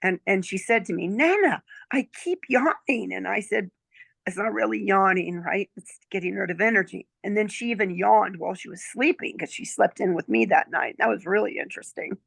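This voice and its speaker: Brief: gravelly-voiced woman in her sixties, chatty storyteller, dry close sound. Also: medium pitch, fairly even intonation, a little fast, fairly bright tone, no echo. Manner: chatty, checks in with "okay?" and "right?". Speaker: client giving a testimonial. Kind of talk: casual storytelling chat.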